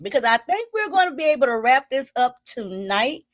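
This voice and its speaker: A woman's voice: high-pitched, big pitch swings, fairly quick, a bit bright, no room sound. A woman hosting a home livestream who chats loosely with her viewers, greets them by name and laughs often, and sounds a little winded. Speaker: host of a livestream commenting on trials. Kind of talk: casual livestream chat with viewers. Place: small room at home.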